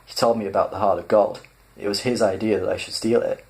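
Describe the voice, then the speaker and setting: A man's voice: on the low side, steady tone, quick pace, darkish tone, close to an everyday voice. A man voicing a brash, grinning male president of the galaxy in a poor put-on American accent that keeps slipping. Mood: offhand. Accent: put-on American, admittedly poor. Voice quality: casual, offhand, drifts between accents.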